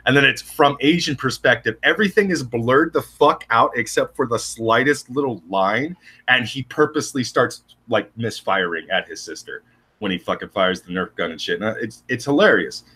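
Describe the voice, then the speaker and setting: A man's voice: mid-range voice, animated, moderate pace, bright, forceful tone, breathy edge. A man co-hosting a podcast in casual chat, blunt and profane, rambling through stories. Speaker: podcast co-host.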